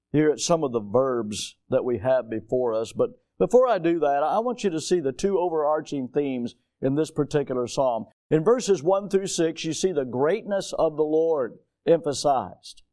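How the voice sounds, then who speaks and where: A middle-aged pastor preaching a sermon, reading scripture aloud and rising to emphatic declarations. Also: male voice, fairly high pitch, warm tone.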